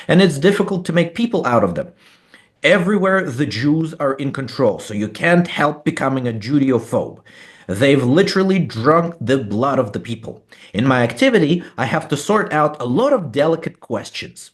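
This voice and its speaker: Man giving an academic book talk. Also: fairly high pitch. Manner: reads quotations aloud between spoken asides, with frequent fillers. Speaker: author and lecturer.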